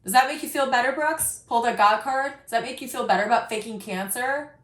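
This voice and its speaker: A woman's voice: a little high, a little fast, a bit bright, reverberant. A woman in her thirties giving casual reaction commentary, blunt and sarcastic, swearing freely and telling personal stories. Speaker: reaction video host.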